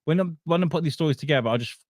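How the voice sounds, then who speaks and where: A man's voice: on the high side, rapid-fire, darkish tone, no echo, studio quality. A man co-hosting a podcast in casual banter, reading out stories with laughs and swearing. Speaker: podcast co-host.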